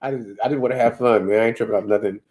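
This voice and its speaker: Man, casual live-stream host, rambling, self-deprecating, mid pitch. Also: steady tone, racing, a little mellow. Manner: loose, rambling, laughs a lot.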